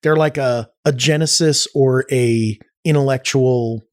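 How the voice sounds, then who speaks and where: A man speaking as a podcast guest, telling stories casually in an animated way, with frequent restarts and acted-out quotes. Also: mid-range voice, unhurried. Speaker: podcast guest, arts nonprofit cofounder. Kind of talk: casual conversational storytelling.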